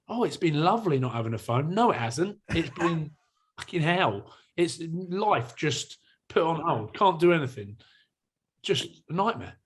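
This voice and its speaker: Chatty laughing rugby player co-host. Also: male voice, a little high, a little hiss or hum. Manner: chatty, laughs often, swears casually. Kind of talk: casual chat.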